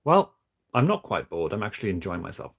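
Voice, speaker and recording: A man streaming casually while building toys, talking in a flat, monotone way with many halting restarts. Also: low voice, gravelly, slightly rough. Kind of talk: casual livestream chat.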